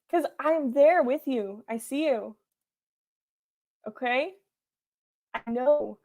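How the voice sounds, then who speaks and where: Woman host, higher voice, home livestream, earnest repeated affirmations, playful. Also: slow pace, long pauses, a little mellow. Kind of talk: encouraging pep talk to viewers.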